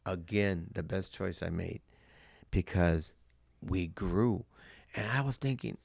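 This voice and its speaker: A middle-aged boxing coach with a low, creaky voice tells stories slowly in a casual interview, with no room sound audible. He's an animated storyteller who fills his speech with lots of fillers.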